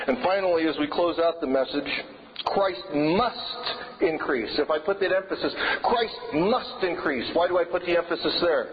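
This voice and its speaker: High-voiced man preaching in a reverberant hall. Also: slight background noise. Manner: earnest, emphatic repetition of key phrases. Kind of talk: sermon. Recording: dull lo-fi sound with long reverb in a hall.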